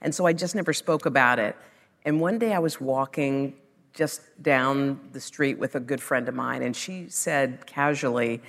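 A woman's voice: very deep voice, moderate pace, in a large hall. A woman guest sharing a personal story in conversation, emotional and building to hopeful emphasis.

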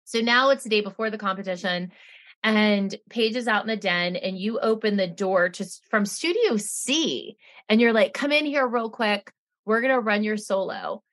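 A woman's voice: medium pitch, normal speed. Chatty sarcastic woman recapping. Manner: chatty, sarcastic, animated retelling with quoted voices. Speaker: podcast co-host recapping a TV episode. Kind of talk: casual chat.

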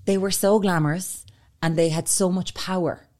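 A woman's voice: on the low side, fairly even intonation, moderate pace, a little mellow, a little hiss or hum. A woman with an Irish accent, co-hosting a casual chat podcast, teasing and laughing often. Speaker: podcast co-host.

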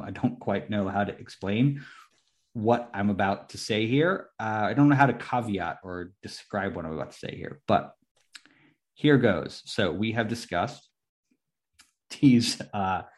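A young man co-hosting a casual chat, excitable and swearing freely, laughing often. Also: lowish voice, unhurried. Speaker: podcast co-host.

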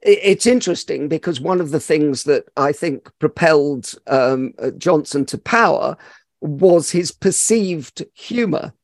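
High-voiced podcast host. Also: male voice, expressive, unhurried, no room sound. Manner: upbeat and appreciative. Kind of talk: interview hosting. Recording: dry studio mic with faint music bed.

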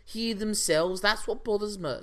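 This English podcast co-host has a high-pitched, bright, forceful voice and talks at normal speed. On the casual wrestling chat show he teases, offers strong opinions, and wanders as he makes his case.

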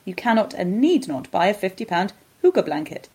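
A woman's voice: mid-range voice, sing-song, normal speed, dark tone, slightly rough. Wry Danish woman podcast co-host. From Denmark. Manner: wry, opinionated, chatty. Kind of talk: casual chat. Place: home, recording remotely.

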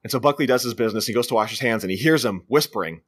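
A podcast co-host with a medium-pitched, slightly bright voice talks very fast as he casually retells a film's scenes, slipping into quoted voices along the way. It's a relaxed movie review chat.

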